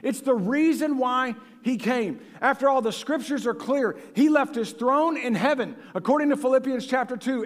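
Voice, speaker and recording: A man preaching a sermon with passion, swinging from hushed tones to booming. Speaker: pastor. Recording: long reverb of a large hall.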